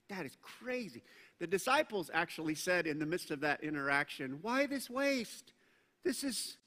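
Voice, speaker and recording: A man preaching a sermon as pastor, animated and acting out the voices he quotes. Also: a little high. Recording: long reverb of a large hall.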